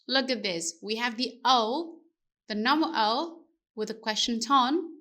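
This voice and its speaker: A woman's voice: on the high side, fairly bright tone. A woman teaching a language lesson, explaining carefully and asking rhetorical questions along the way.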